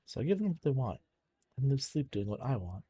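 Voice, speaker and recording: Husky young man reading game narration. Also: mid-range voice, very animated, a little fast, mellow, no echo. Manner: reads narration plainly, trips over words and restarts. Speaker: streamer reading a visual novel aloud. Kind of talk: casual live-stream game reading.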